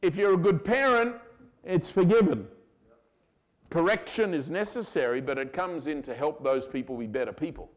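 A male pastor preaching a sermon to his congregation, animated and given to acting out voices. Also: fairly high pitch, moderate pace. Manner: animated, acts out voices of God and children. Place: church hall.

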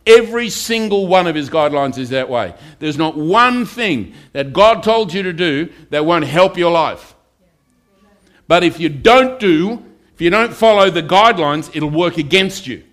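Aussie pastor guy preaching, chatty sermon, voice sits a bit high, keeps asking for amens. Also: a bit bright. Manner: conversational preaching, asks the congregation for amens. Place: church.

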